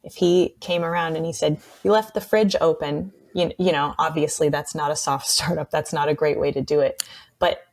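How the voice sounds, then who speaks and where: A woman's voice: low voice, little pitch movement, a little fast. A woman co-hosting a podcast about relationships, speaking in a reflective, agreeable way with frequent short affirmations. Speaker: podcast co-host. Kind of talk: casual relationship advice chat.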